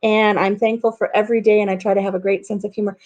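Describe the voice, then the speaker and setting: A woman's voice: medium pitch, little pitch movement, quick pace, darkish tone, dull audio. A middle-aged woman hosting a casual live chat with viewers, a chatty storyteller who laughs at herself. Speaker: channel host.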